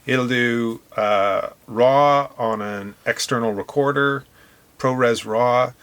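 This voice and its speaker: A man with a Northern Irish accent, co-hosting a relaxed podcast. His voice sits at an ordinary middle pitch, and he talks in an animated, emphatic way. The tone stays that of a casual chat between friends. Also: slow, clear, resonant tone. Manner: animated, emphatic, talks through camera specs. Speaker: podcast co-host.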